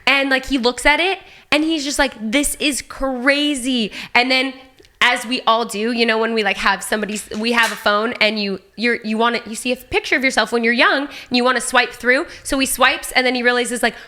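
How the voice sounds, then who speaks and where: A woman in her thirties, a guest on a podcast, telling a story in a lively, casual way full of "like.". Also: fairly high pitch. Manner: animated, fast, peppered with "like". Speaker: podcast guest, Olympic athlete.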